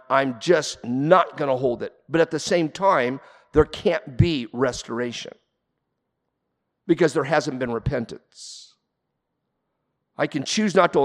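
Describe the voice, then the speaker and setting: A man preaching a sermon as pastor, earnest and emphatic, rising to forceful peaks. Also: fairly high pitch, creaky, long reverb tail.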